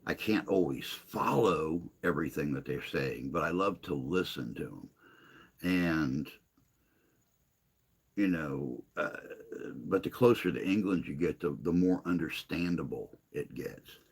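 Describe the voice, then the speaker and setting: A man hosting a casual livestream chat, answering viewer comments in a rambling, hesitant way with long pauses. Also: extremely low pitch, lively intonation, gravelly, husky. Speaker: livestream host.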